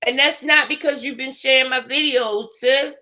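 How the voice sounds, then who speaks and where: A tearful woman speaks to her stream audience in an unhurried, earnest way and keeps checking in with "right?". Her voice sits high and bright. The sound is dull and lo-fi, like a phone or webcam stream. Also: steady tone. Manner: heartfelt, repeating "right?" and names. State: tearful, crying. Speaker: vlogger on a live stream. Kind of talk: casual live-stream talk to viewers.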